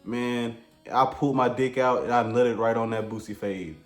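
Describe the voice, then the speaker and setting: A man's voice: medium pitch, steady tone, normal speed. Laid-back slangy man in an echoey room. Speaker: comedic storyteller. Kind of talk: crude comedic storytime. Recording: echoey room with faint music.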